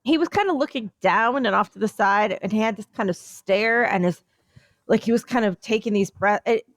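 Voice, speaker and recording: A woman co-hosting a podcast, chatting casually and telling a rambling, animated story. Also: mid-range voice, moderate pace, no echo. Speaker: podcast co-host. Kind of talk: casual chat.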